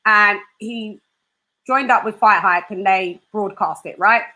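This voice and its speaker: A woman hosting a casual live chat, animated and laughing. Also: medium pitch, unhurried. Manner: animated, laughing, mimics voices. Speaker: host.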